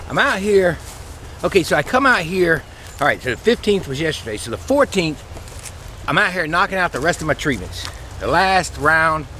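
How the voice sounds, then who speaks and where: A man, a beekeeper telling a rambling, folksy story outdoors in his bee yard, his voice a little squeaky from the dry air. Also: sharp tone, a little hiss or hum. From Louisiana, USA. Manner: chatty, folksy, rambling with restarts. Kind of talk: casual vlog storytelling.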